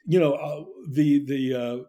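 A man, a dialect coach telling stories in a relaxed interview and acting out the lines he quotes. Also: mid-range voice, measured pace. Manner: animated storyteller, acts out quotes. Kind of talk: conversational interview.

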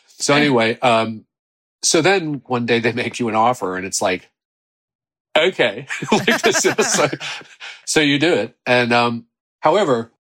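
A middle-aged actor, a man, chatting as a podcast guest, telling rambling, animated anecdotes full of quoted voices. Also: fairly low pitch, husky. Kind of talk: casual anecdotal chat.

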